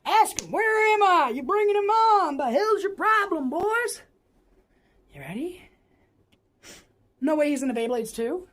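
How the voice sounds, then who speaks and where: Man doing a high squeaky streamer persona, brash and foul-mouthed, with a lively, bouncy pitch. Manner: brash, swearing, teasing the chat. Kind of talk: live workout stream chat.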